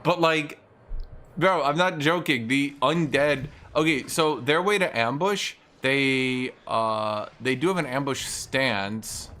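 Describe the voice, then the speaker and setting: A man giving casual, ranting gameplay commentary, animated and profane, as a content creator. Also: medium pitch, slow pace.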